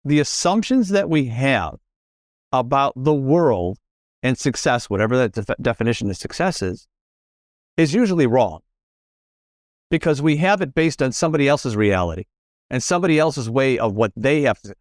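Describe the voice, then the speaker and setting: A middle-aged man talks as a podcast guest in casual, earnest conversation about spirituality. He repeats phrases and restarts his sentences often. His medium-pitched voice is recorded close and dry, with no room echo. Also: expressive, moderate pace. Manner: earnest, repetitive, self-correcting.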